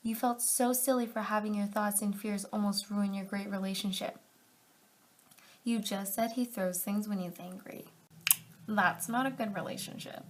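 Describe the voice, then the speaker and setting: A young woman reading fanfiction aloud for comedy, breaking off into sarcastic asides, dropping into whispers and jumping to loud outbursts. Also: mid-range voice, fairly even intonation, normal speed.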